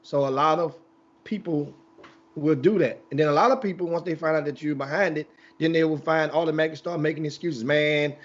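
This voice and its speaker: A man's voice: a little high, quick pace, highs cut off. Rambling, storytelling male sports-talk host. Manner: rambling storyteller, animated, with many restarts.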